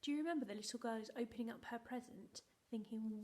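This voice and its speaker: A woman's voice: on the high side, fast, few pauses, a little mellow. A woman teaching a phonics lesson to young children, sounding out letters and often dropping to a whisper. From England. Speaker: primary school teacher.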